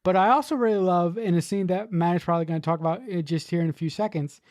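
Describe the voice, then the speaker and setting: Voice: medium pitch, fast, darkish tone, no room sound, clean studio sound. A podcast co-host casually discussing a film, rambling, restarting sentences and swearing.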